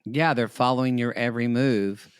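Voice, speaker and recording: A man's voice: medium pitch, fairly even intonation, clear, resonant tone, no echo, clean studio sound. A man co-hosting a podcast, riffing wryly in casual chat about reality TV. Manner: wry, quick-witted riffing. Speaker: podcast co-host.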